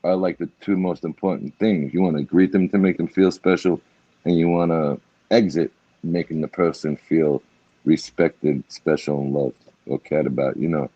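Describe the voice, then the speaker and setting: Deep blunt-talking middle-aged man. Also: fairly even intonation, moderate pace, warm tone, no echo, lo-fi sound. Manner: blunt, swears freely, many "you know"s. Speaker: guest. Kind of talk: emotional casual talk.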